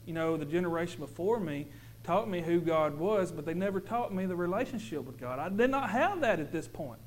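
Earnest high-voiced man. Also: lively intonation, a little fast, a little hiss or hum, poor audio. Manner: earnest, repetitive, emphatic with stumbling restarts. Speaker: father giving a church testimony. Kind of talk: personal testimony to a congregation.

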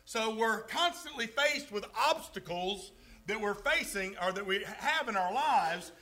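A man's voice: sits high, expressive, bright, forceful tone, rough recording. A man preaching a sermon to a congregation, leaning hard on key words. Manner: emphatic, drawn-out stresses on key words.

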